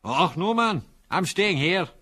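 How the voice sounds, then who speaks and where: A man reading aloud and voicing a stubborn old Scottish prospector with slow, drawn-out exclamations and a Scottish accent. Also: high voice, lively intonation, bright, forceful tone, pitched above the performer's own voice, heavily acted. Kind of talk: audiobook character voice.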